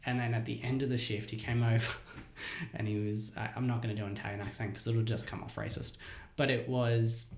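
Animated storyteller in a roomy space. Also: male voice, mid-range voice, brisk, a little hiss or hum. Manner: animated, laughs often, acts out dialogue. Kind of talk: casual storytelling chat. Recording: roomy echo.

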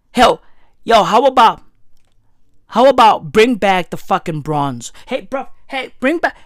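A woman's voice: mid-range voice, sing-song, slow, pauses often, dry recording, studio quality. A woman delivering a heated, profane rant full of slang and repetition. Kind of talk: profane ranting monologue.

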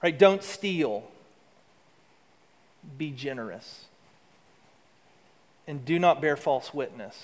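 A man preaching a sermon as pastor, rising to emphatic lines and dropping to soft, low asides. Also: long reverb tail.

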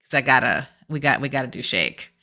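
Sarcastic woman with a lively, bright voice. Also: a bass voice, a little fast. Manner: blunt, sarcastic, swears freely. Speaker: podcast co-host. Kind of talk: casual reality-TV recap chat.

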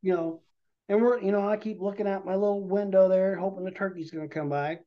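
A man's voice: high-pitched, fairly even intonation, brisk. Man, podcast guest, rambling storyteller, dull lo-fi audio. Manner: rambling hunting tale told with vivid detail. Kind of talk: casual storytelling.

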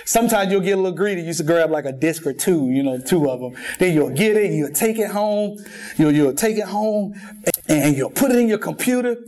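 Speaking a little fast in a high voice, a man preaches a sermon in a church sanctuary. He tells jokes and stories and repeats himself a lot in a lively way.

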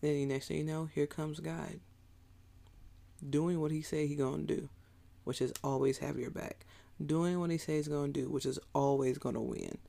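Gravelly-voiced man preaching casually. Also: medium pitch, warm tone. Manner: casual, conversational preaching with asides to the listeners. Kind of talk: sermon.

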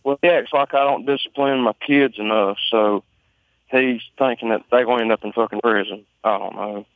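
A man's voice: mid-range voice, fairly even intonation, dry recording. Man, Alabama Southern accent, rambling profane storytelling, phone-line sound, dry. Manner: rambling, informal, profane, halting restarts. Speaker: interviewee on a phone call. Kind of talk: conversational storytelling.

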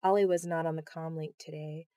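A woman narrating a novel in a measured, even reading voice. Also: deep voice, dry recording. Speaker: audiobook narrator. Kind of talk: audiobook narration.

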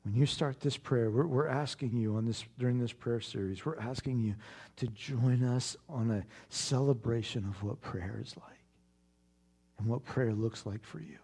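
Animated man preaching a sermon. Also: mid-range voice, moderate pace, breathy edge. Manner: animated storytelling that drops to a hushed prayer. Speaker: pastor. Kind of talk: sermon with a personal story.

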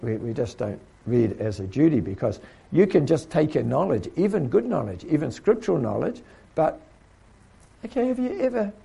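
A man's voice: a little high, very animated, moderate pace, gravelly, warm tone, breathy edge. A man preaching a sermon to trainees, asking rhetorical questions and now and then mimicking the voices of other people.

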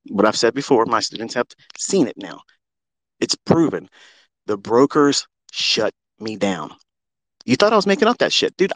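Brash, profane man ranting. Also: no room sound. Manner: swings from loud outbursts to low muttering. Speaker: trading livestream host. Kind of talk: ranting livestream talk.

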